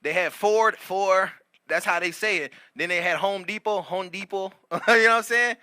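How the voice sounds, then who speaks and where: A man's voice: high voice, normal speed, sharp tone, smooth, no room sound, clean studio sound. A man co-hosting a comedy talk show, telling stories full of profanity and laughter. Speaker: co-host. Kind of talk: casual comedic chat.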